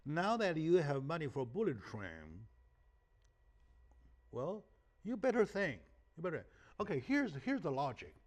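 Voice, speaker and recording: His pitch swoops wildly in a slightly high voice, and he speaks a little fast: a male talk show host and native Chinese speaker in an animated interview. The delivery is punchy and emphatic, peppered with rhetorical questions and repeated "right?"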